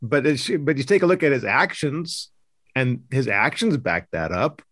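A man hosts a political podcast in an emphatic, indignant way, often stumbling and restarting his sentences. His voice sits at an ordinary middle pitch. It is recorded on a close mic with a dry, deadened sound. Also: very animated, normal speed, fairly bright tone, no echo. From Idaho. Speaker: podcast host, news editor.

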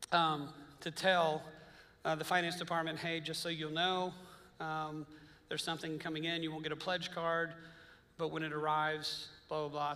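A man's voice: a little high, pushed and bright. A man preaching a sermon as pastor, telling stories casually and acting out the dialogue of the people in them. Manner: casual, anecdotal, quotes others in dialogue. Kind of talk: conversational sermon storytelling. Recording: long reverb of a large hall.

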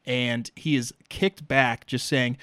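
A man's voice: mid-range voice, fairly even intonation, a bit bright, no echo, studio quality. A man hosting a comedic book recap, telling the story sarcastically and with lots of swearing. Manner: profane, sarcastic, fast storytelling. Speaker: podcast host recapping a book. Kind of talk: comedic recap, casual chat.

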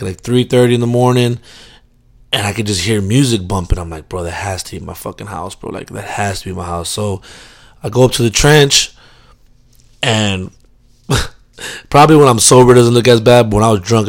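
A young man telling a drunken story in a casual, rambling way, swearing constantly and filling his talk with fillers. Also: on the low side. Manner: laid-back, amused.

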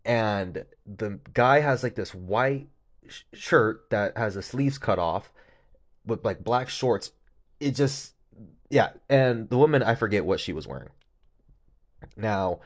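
A man from California telling a story casually, animated, laughing often and swearing freely. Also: lowish voice, slow, pauses often.

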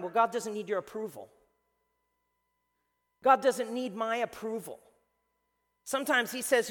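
A male pastor with a high voice, preaching in an animated, chatty storytelling way. His voice rings with a long reverb across a large hall. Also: moderate pace. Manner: animated storytelling with casual fillers. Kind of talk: sermon.

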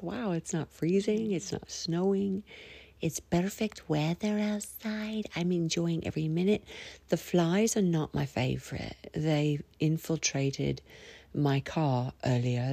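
A woman's voice: sits low, vocal fry, mellow, husky, dry recording. A woman from the United States hosting a casual podcast monologue, chatty and rambling, often sinking to a near whisper, with prayerful asides. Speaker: podcast host.

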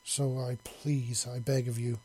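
A man's voice: medium pitch, level tone, unhurried, dark tone, slightly rough. A man voicing a passionate alien hive queen. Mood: pleading. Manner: pleading, intense.

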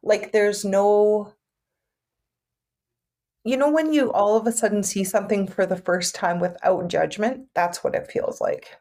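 A woman's voice: medium pitch, measured pace, warm tone. A woman co-hosting a podcast in casual chat, searching for her words and affirming what her co-host says.

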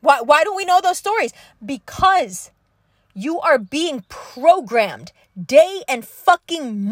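Angry high-voiced woman ranting. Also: no room sound, studio quality. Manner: angry, emphatic, profane, repetitive. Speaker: podcast host. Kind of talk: impassioned monologue.

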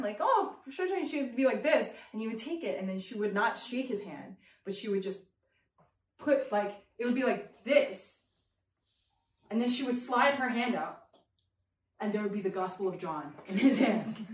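A young woman from New York City telling a comic personal story in an animated, rambling way, tagging lines with "right?". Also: medium pitch, reverberant, far from the mic.

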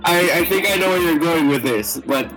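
A man's voice: fairly high pitch, expressive, moderate pace, low-quality recording. A man playing a tabletop game who speaks in an eager, direct way, with music behind. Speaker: player. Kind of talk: casual chat. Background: background music.

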